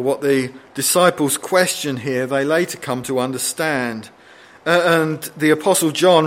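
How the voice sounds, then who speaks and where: A man preaching a sermon, reading scripture aloud and acting out pleading quotes with rising intensity, slowing down for emphasis. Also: fairly high pitch.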